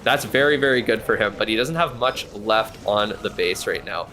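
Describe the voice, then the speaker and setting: Streaming a match, this man provides casual live commentary, reacting with excitement, chatting along and dropping the occasional swear word. His voice is lowish and his pace normal.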